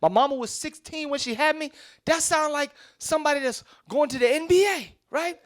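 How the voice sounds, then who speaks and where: A young stand-up comic with a high voice tells stories in on a club stage. He talks in a loose, streetwise way and keeps turning to the crowd with quick asides. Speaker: stand-up comedian. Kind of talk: stand-up comedy set.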